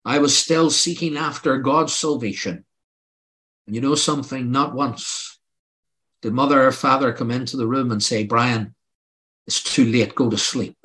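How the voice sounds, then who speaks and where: A man's voice: mid-range voice, a little slow, a bit bright. An older man preaching a sermon, telling his own testimony in an earnest, pleading way that rises to emphatic outbursts.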